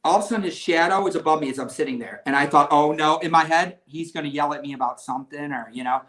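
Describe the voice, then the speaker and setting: Man telling a lively anecdote. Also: a little high, fast. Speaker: magician guest. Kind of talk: casual storytelling in conversation.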